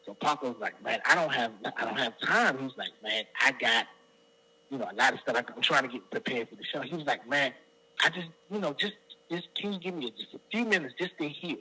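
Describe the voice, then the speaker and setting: Speaking fairly quickly in a mid-range, breathy voice, this middle-aged guest singer from the DC area spins animated stories during an interview, voicing other people's quotes. The recording quality is low.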